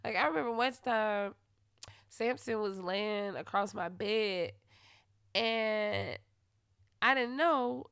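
A woman hosting a podcast, telling a personal story in a blunt, profane way that swings into loud, heated retellings. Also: mid-range voice, slow pace, vocal fry, long pauses, smooth, dry recording, clean studio sound. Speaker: podcast host. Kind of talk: candid storytelling monologue.

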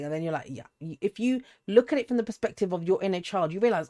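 A woman's voice: medium pitch, fast, hardly any pauses, a little mellow. A woman, giving a casual, rambling tarot reading full of asides and restarts. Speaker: tarot reader.

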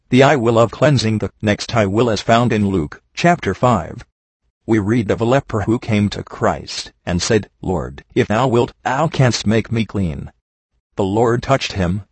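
A man reading an old sermon aloud in a steady, earnest preaching cadence. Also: on the low side, husky, no room sound. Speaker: reader of a sermon.

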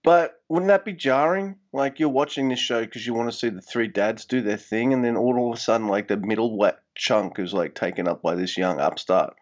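A man's voice: mid-range voice, moderate pace, few pauses. A man co-hosting a podcast, joking in a hesitant, self-deprecating way. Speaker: podcast co-host. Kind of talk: casual podcast chat. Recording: dull lo-fi audio.

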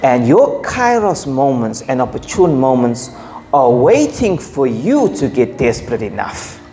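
A man's voice: mid-range voice, big pitch swings, unhurried, dark tone. A man preaching a sermon, emphatic and repetitive, with joking asides.

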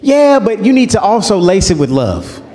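A man's voice: high-pitched, big pitch swings, normal speed, warm tone, big-room sound. A man pastor preaching a sermon in a loose, conversational way, calling on the congregation to answer back. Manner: conversational preaching with call-and-response.

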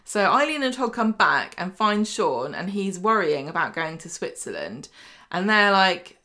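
A woman's voice: medium pitch, very animated, measured pace, pushed and bright. A woman co-hosting a casual chat show, recapping episodes in a chatty way and often laughing. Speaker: podcast co-host recapping a soap.

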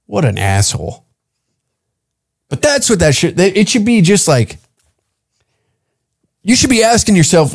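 A man from Canada hosts his own comedy podcast in a solo rant, swearing freely and getting heated as he goes. His voice sits a little higher than most men's. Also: big pitch swings, unhurried, gravelly, pauses often. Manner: profane, heated ranting. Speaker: podcast host and stand-up comic.

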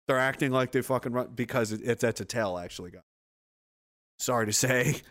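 A man's voice: mid-range voice, a little fast, fairly bright tone. Aggressive, profane ranting man. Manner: aggressive, swearing, hammering repetition. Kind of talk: profane motivational rant.

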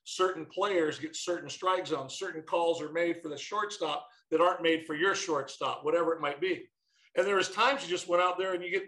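A middle-aged man, a former baseball manager, telling stories in a casual interview and quoting his kids in lively bursts. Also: on the high side, roomy sound, poor audio.

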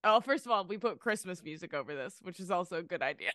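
A woman's voice: lowish voice, lively intonation, fast talker, pushed and bright, a little hiss or hum. A woman co-hosting a podcast in casual chat, telling wry stories and teasing her co-host.

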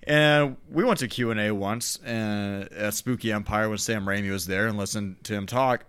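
A man's voice: lowish voice, moderate pace, a bit bright, clear, resonant tone. A young man co-hosting a podcast, chatting casually about films in a rambling way with lots of fillers. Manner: rambling, many "like" fillers, chuckling. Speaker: podcast co-host.

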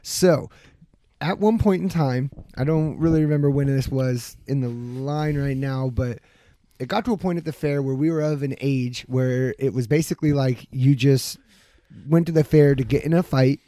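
A man's voice: medium pitch, moderate pace, mellow, no echo. A man hosting a podcast, telling a rowdy story in casual chat, swearing freely and acting out what people said. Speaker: podcast host.

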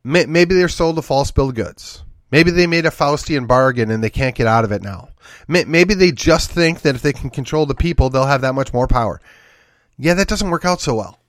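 A man's voice: medium pitch, animated, fairly quick, no echo, clean studio sound. A middle-aged man from Texas hosting a political commentary podcast, talking emphatically in a monologue, firing off rhetorical questions and repeating his points. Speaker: podcast host.

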